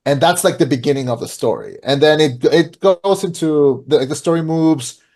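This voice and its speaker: A man's voice: fairly high pitch, moderate pace, darkish tone. A podcast co-host chatting casually as he retells a film's plot, with many fillers and restarts.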